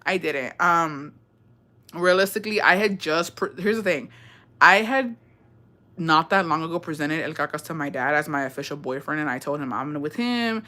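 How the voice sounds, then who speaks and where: Young female streamer, bright and sharp-toned, blunt, profane, filler-heavy casual storyteller. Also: sits low, animated, moderate pace. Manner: laughs at herself, self-described unserious. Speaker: livestream host.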